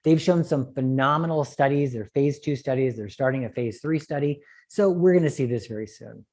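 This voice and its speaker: A man lecturing on eye treatments at a conference, animated and joking, with quick asides. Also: medium pitch. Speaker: optometrist lecturer.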